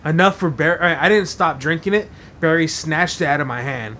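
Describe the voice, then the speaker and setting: A man's voice: a little high, brisk, pushed and bright, slight background noise. A man hosting a podcast, telling a story casually while rambling and swearing heavily, with lots of fillers. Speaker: podcast host.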